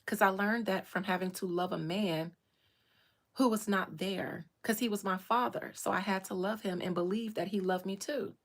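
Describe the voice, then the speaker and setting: A woman's voice: medium pitch, steady tone, normal speed. A woman, telling her own life story with strong feeling and repeating phrases for emphasis. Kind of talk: emotional personal storytelling.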